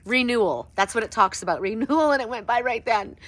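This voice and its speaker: Talking quickly outdoors for a casual vlog, a middle-aged woman who reads oracle cards retells her sessions, often breaking into high-pitched, excited exclamations. The recording is dry.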